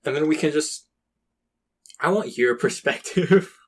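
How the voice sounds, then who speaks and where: A man's voice: fairly high pitch, unhurried. A young man co-hosting a podcast, telling a rambling story with lots of swearing and acted-out quotes. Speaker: podcast co-host. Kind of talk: casual chat.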